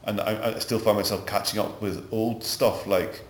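A middle-aged Glaswegian man, an actor being interviewed, rambling through anecdotes that grow animated. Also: on the low side, normal speed, slight background noise. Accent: Glaswegian Scottish. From Scotland. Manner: rambling anecdotes, gets animated telling stories. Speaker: actor guest. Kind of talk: casual interview chat. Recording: roomy echo, music behind.

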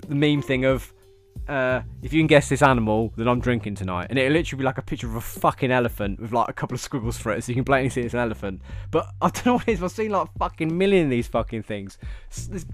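A man telling rambling, sweary stories in a casual monologue, often laughing. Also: mid-range voice.

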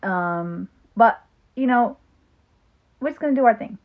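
A woman co-hosting a casual podcast with her sister, chatty and quick to laugh, with plenty of ums. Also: fairly high pitch, lively intonation. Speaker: podcast co-host. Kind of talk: casual chat. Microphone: phone. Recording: phone-like narrow sound.

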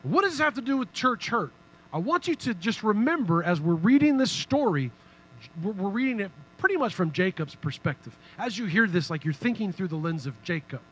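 A man preaching a sermon in a casual, humorous, animated way. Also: sits high, a little fast, slightly rough, low-quality recording. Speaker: pastor.

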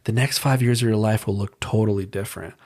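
A man's voice: fairly low pitch, steady tone, quick pace, a little mellow. A man hosting a casual interview, asking long, rambling questions full of fillers. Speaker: podcast host.

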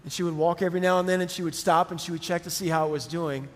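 A middle-aged man preaching a sermon, telling a personal story in a conversational, animated way. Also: fairly high pitch, racing. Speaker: pastor. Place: church auditorium. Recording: long hall reverb.

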